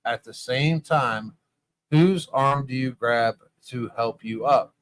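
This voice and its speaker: A man's voice: medium pitch, takes it slowly, no room sound. Guy hosting a bar chat show, swears a lot, spins a long what-if story, dry close sound. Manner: profane, animated storytelling. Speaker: podcast host. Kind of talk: casual bar-show banter.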